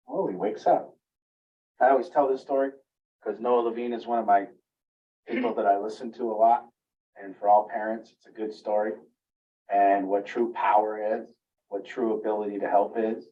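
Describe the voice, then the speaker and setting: Speaking to parents about relationships, this male family recovery coach teaches earnestly at a moderate, steady pace with long pauses. He raises his pitch to play out the inner voices of parents. The mic is far away and the audio is muffled.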